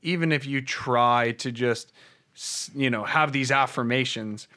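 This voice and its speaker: Man, podcast host, mid-pitched, reflective, casual talk. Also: a little slow, bright, forceful tone. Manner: reflective, summarizing, light laughter.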